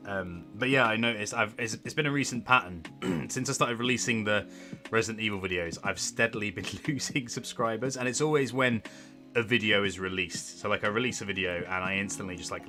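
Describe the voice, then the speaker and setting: A man streaming from home, chatting casually with a rambling, self-deprecating manner. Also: lowish voice. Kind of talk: casual livestream chat.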